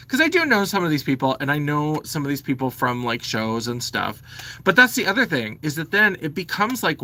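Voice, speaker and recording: A man's voice: on the high side, pushed and bright. A man in his forties ranting to camera at home, blunt and exasperated, swearing freely. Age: 40s. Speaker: vlogger.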